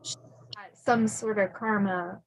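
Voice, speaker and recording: A woman's voice: medium pitch, steady tone, a little slow, dry recording, poor audio. A middle-aged woman telling stories from her life in a casual chat, laughing often and restarting sentences. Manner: chatty, laughing, many fillers and restarts. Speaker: podcast host telling her life story.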